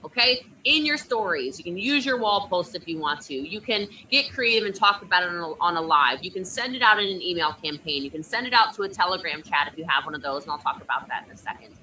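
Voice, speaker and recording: A woman coaching network marketers over a video call, talking with high energy and emphatic conviction. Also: animated, fast talker, few pauses, sharp tone, recorded from a distance, slight background noise, low-quality recording. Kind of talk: motivational coaching talk.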